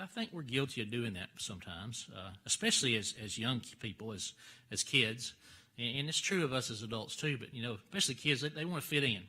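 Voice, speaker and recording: A man teaching a church Bible class, folksy and halting, full of fillers and restarts. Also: mid-range voice, bright, forceful tone. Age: older.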